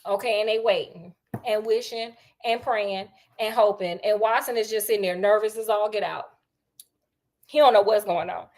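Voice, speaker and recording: A woman storyteller retelling a classic detective tale in a chatty, slangy, animated way. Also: mid-range voice, normal speed. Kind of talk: casual comic story retelling.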